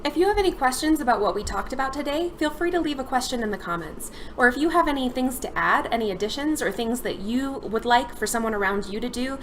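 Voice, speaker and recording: A young adult woman therapist speaks to her viewers in a calm, steady, instructional manner. Her voice sits a little on the higher side, and she lays out each step evenly and clearly. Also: fast, few pauses, a little hiss or hum. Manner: calm, steady explanatory delivery. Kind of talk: instructional talk to camera.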